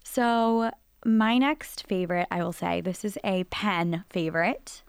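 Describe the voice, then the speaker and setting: A woman's voice: mid-range voice, unhurried, creaky, smooth, no echo, clean studio sound. A young woman co-hosting a podcast, chatting with her friend in an enthusiastic, casual way. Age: young adult. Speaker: podcast co-host.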